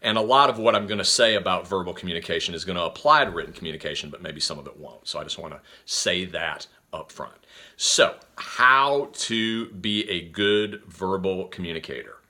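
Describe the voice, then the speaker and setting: A man hosting a casual instructional talk. He is energetic and rambling, with many fillers and restarts. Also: low-pitched, a little fast. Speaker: host.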